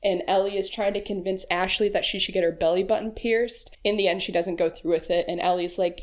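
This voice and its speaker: A woman's voice: mid-range voice, fairly quick, few pauses. A woman hosting a casual recap voice-over, chatty and frank, laughing often and using lots of fillers. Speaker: YouTube recap host.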